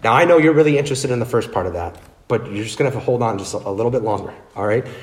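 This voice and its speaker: A man's voice: medium pitch, rapid-fire, reverberant. A male pastor preaching a sermon, speaking earnestly and addressing listeners directly.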